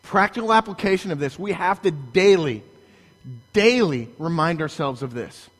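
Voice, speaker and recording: A man preaching a sermon as pastor, emphatic and building to shouted lines. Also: on the high side, expressive, moderate pace, in a large hall.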